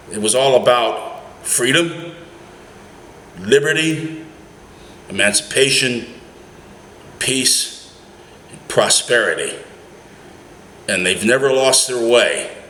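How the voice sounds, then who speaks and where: A man's voice: mid-range voice, a bit bright, slight background noise. A man who drives a cab, giving a heated, emphatic political rant full of rhetorical questions. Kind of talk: opinionated political rant vlog. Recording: echoey room, faint ambience.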